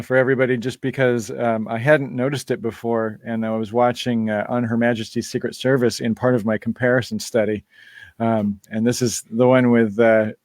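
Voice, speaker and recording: A man's voice: medium pitch, darkish tone, dry recording. A man hosting a live-stream Q&A in casual chat, rambling through asides and laughing often. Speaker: band member hosting a live Q&A.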